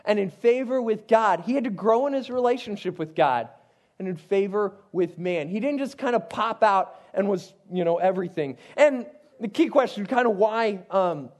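A youth pastor explains a Bible passage in a relaxed, chatty way, often turning aside to talk straight to his listeners. His voice sits notably high for a man. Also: moderate pace. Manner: conversational, digressive, frequent asides to listeners. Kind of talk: casual Bible teaching.

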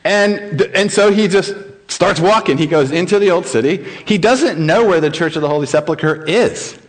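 A man's voice: high-pitched, moderate pace. A middle-aged male pastor telling a story in a sermon, acting out the voices of the people in it.

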